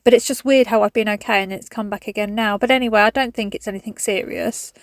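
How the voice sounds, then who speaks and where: Speaking fast in a steady, mid-range voice, this English woman in her thirties narrates her cupboard cleaning as a chatty voice-over. She's a cleaning vlogger who talks frankly and swears casually, and the studio recording is clean with no echo.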